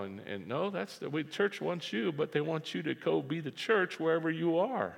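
A man preaching a sermon as pastor, animated and repeating phrases for emphasis. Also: a little high, moderate pace, creaky, hardly any pauses. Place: church sanctuary. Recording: reverberant hall.

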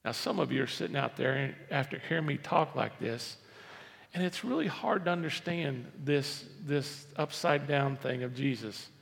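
Gravelly-voiced preacher man in a hall. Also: lively intonation, moderate pace. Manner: preaching with sudden swings between loud emphasis and low, quiet asides. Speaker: pastor. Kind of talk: sermon. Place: church.

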